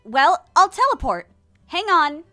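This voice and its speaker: A man's voice: extremely high pitch, sing-song, unhurried, pushed and bright, faint music behind, voice pushed up, exaggerated voice. A man reading aloud and voicing an earnest, easily flustered young female pony.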